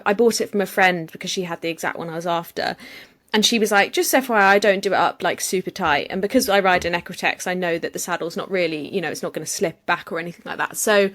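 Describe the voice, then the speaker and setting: Woman, podcast co-host, mid pitch, casual chatty storytelling. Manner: chatty anecdote-telling with small laughs.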